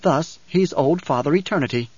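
A man voicing a calm, philosophical young man who speaks in measured riddles in an audiobook. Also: on the high side, husky, no room sound, dull audio.

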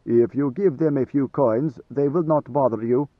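A man voicing a servile, whining village elder in an audiobook, slow and wheedling, querulous when offended. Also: medium pitch, dry recording, narrow, tinny audio, close to an everyday voice. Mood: obsequious.

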